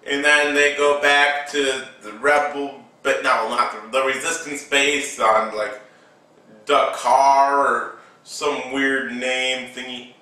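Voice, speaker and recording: A man's voice: medium pitch, little pitch movement, slow pace, pushed and bright, heavy reverb, recorded from a distance, rough recording. A man casually recapping a film with toy figures, rambling with lots of fillers.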